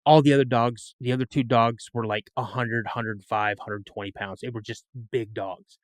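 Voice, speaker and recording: A man's voice: medium pitch, steady tone, moderate pace, no echo. Man, middle-aged, podcast guest, rambling storyteller, frequent restarts, dry recording. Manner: rambling, repeats words and restarts. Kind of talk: storytelling in an interview.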